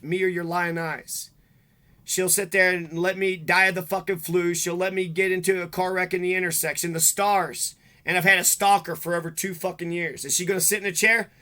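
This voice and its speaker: Sharp-voiced man ranting bitterly. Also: high voice. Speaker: vlogger. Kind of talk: rambling angry monologue.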